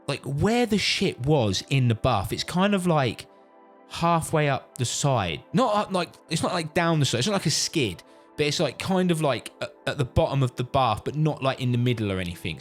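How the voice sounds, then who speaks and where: A British dad casually telling a funny story, animated and swearing freely. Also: male voice, medium pitch. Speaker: vlogger, father. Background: faint background music.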